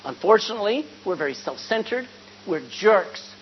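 A woman preaching a sermon, retelling a scripture story with animated storytelling, asking the congregation questions and calling for amens. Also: mid-range voice, normal speed. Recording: dull lo-fi recording with faint hum.

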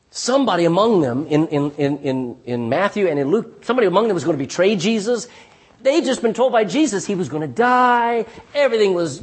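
A middle-aged man preaches a sermon in a fairly high voice that leaps widely in pitch as he tells his stories. His tone is husky throughout. He keeps checking in with the congregation with a questioning "Amen?". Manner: calls out "Amen?" to the congregation, lively storytelling with restarts. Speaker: pastor.

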